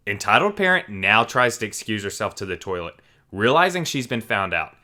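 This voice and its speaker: Guy reading reddit-style stories, bouncy up and down voice, bright and forward. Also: fairly low pitch, moderate pace. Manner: animated, expressive storytelling. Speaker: channel host reading stories. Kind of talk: narrating online stories.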